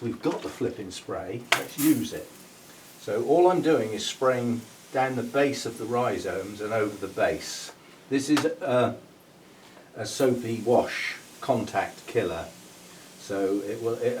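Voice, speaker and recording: With a mid-range, darkish voice, this orchid grower hosts his channel, the audio poor and recorded from afar with faint background noise. He talks casually through hands-on work, musing aloud and chuckling at his own remarks away from the mic.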